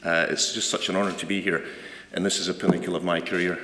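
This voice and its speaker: A deep-voiced, middle-aged Scottish man stumbles through an overwhelmed thank-you speech, full of fillers and restarts. His voice is bright and clear, and it carries with a long echo through a large hall. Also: little pitch movement. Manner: nervous and halting, many fillers and restarts. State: emotional, overwhelmed. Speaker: award recipient. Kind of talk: unscripted acceptance speech. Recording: echoey hall, faint background noise.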